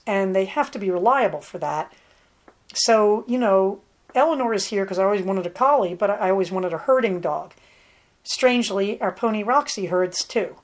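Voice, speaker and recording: A chatty woman spins a long, rambling story for her podcast, now and then breaking off for an aside to her dog at home. Her voice sits at an ordinary middle pitch, and she talks in a relaxed way. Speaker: podcast host. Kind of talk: casual storytelling monologue. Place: at home on a ranch.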